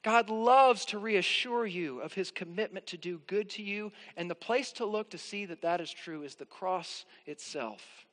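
A man's voice: sits high, moderate pace, few pauses, a bit bright, long reverb tail. A man preaching a sermon as pastor, earnest and reassuring, with emphatic rises.

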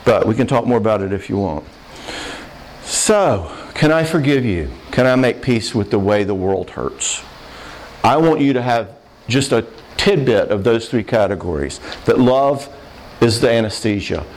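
With a medium-pitched, animated, slightly mellow voice at a moderate pace, this man speaks on forgiveness like a sermon but conversationally and earnestly. A Christian speaker on marriage and forgiveness, he sometimes turns emotional and pauses to check on his audience.

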